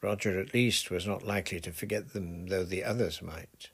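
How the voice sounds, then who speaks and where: A man narrating a children's adventure novel in a steady, measured storytelling voice. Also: deep voice, vocal fry, breathy edge. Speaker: audiobook narrator. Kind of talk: scripted narration.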